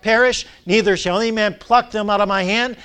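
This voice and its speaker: A man's voice: sits high, fairly even intonation, a little fast, fairly bright tone, smooth. A male Baptist pastor, preaching a sermon, drawing out key words and prompting the congregation to answer. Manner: call-and-response with the congregation.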